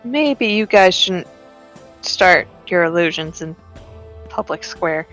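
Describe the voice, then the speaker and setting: Bright, lively woman player. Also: fairly low pitch, slow pace, soft background music, low-quality recording. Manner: lively, giggly. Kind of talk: casual tabletop play.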